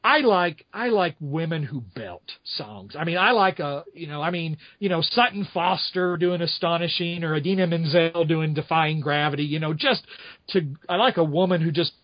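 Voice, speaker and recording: A man's voice: fairly high pitch, normal speed, no echo, lo-fi sound. A man casually talking through his opinions on a stage show, rambling with frequent restarts and asides. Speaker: podcast host reviewing a musical. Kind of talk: casual chat.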